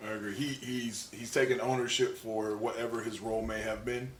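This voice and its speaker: A man's voice: fairly low pitch, flat delivery, brisk, roomy sound, recorded from a distance, slight background noise. A man co-hosting a podcast, giving blunt opinions in casual chat and repeating his points. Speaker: podcast co-host.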